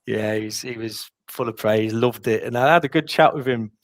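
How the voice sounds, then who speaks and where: A man's voice: mid-range voice, moderate pace, no echo. A man co-hosting a football podcast, telling stories in a rambling, self-deprecating way. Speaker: podcast co-host. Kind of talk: casual chat.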